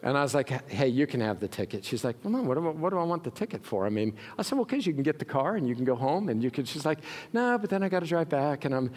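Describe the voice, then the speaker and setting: A man preaching a sermon as pastor, telling stories with humor in an animated way. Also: a little high, quick pace, few pauses. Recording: reverberant hall.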